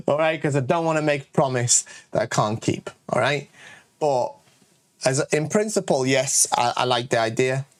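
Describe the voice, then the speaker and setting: A man's voice: mid-range voice, normal speed. Chatty northern English man. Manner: chatty, jokey, self-promoting, lots of "all right?" asides. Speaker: kendo channel host and shop owner. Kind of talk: casual Q&A rant to camera.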